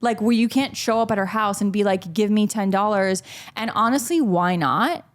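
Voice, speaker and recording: A woman from Miami, guesting on a podcast, chats casually about growing up, acting out quotes and laughing a lot as she animatedly tells her stories. She has a medium-pitched voice and speaks at normal speed.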